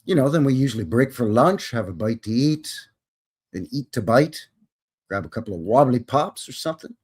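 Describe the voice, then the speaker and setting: Lively man hosting a livestream. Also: medium pitch, moderate pace, husky. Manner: jokey, upbeat, greets viewers by name. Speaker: host. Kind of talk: casual livestream chat.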